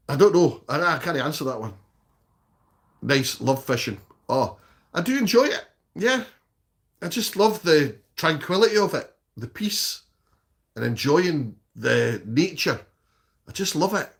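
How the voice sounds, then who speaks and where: A man's voice: a little high, big pitch swings, measured pace, pauses often. Blunt sweary Scottish man. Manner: blunt and sweary, tags "okay?" onto sentences. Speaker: live streamer. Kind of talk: casual chat answering viewer comments.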